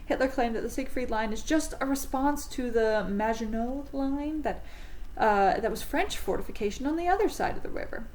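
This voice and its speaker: A woman's voice: fairly high pitch, normal speed, a little mellow, a little hiss or hum, low-quality recording. A woman teaching a history class in a casual, chatty way, with frequent ums and self-corrections.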